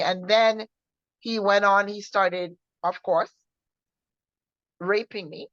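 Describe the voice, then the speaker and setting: A woman co-hosting a faith show, recounting her personal testimony in an earnest, halting way with many restarts. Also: medium pitch, steady tone, a bit bright, dry recording. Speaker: co-host sharing her testimony. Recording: dull, muffled sound.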